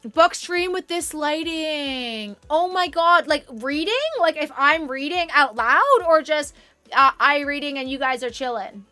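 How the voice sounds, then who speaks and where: A woman's voice: high-pitched, a little slow, sharp tone, no room sound, soft background music. A young woman streaming from her room at home, chatting casually and rambling, with frequent swearing. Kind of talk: casual chat on a live stream.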